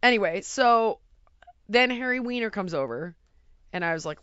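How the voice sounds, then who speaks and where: Lively bright-toned woman storyteller. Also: medium pitch, normal speed, pauses often, clean tone, dry recording, lo-fi sound. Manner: animated, acts out quotes, frequent "right?". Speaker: storyteller guest. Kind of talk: casual anecdote on a podcast.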